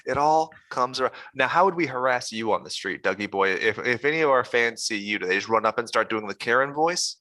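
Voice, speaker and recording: Brief: podcast co-host, man, bright and forceful tone, blunt and profane, dry close sound. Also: medium pitch, animated, a little fast, few pauses, dry recording. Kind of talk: casual chat.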